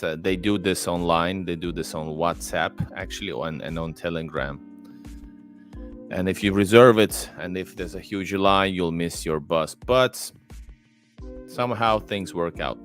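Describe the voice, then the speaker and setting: A man's voice: low-pitched, a bit bright. A man, casually chatting on a livestream, rambling with many fillers and restarts, close to the mic. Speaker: livestream host. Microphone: close desk mic.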